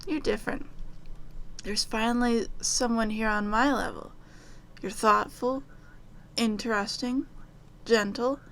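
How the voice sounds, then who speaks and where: A woman's voice: a little high, unhurried. A woman voicing a stammering shy male wraith. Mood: awkward, nervous. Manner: stammering, hesitant, soft-spoken. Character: shy awkward male wraith, nervous and lonely.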